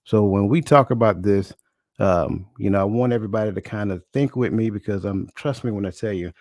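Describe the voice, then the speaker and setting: A man hosting a casual panel podcast, lively and chatty, giving shout-outs and correcting himself as he goes. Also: lowish voice, fairly quick, dry recording. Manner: energetic, shout-outs, self-correcting, colloquial. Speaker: podcast host.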